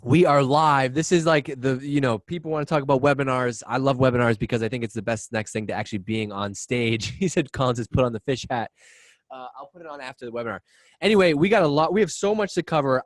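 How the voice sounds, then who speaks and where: A man hosting a live webinar over a video call, talking fast and excitedly with lots of restarts. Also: medium pitch, dry recording. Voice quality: excitable, rapid, restarts often. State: out of breath. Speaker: webinar host. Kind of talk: energetic live webinar chat. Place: office in Boston.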